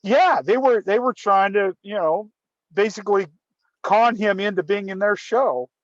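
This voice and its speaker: A man's voice: high-pitched, a little slow, no room sound, dull audio. A man telling a story in casual conversation, often restarting and repeating words. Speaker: guest storyteller.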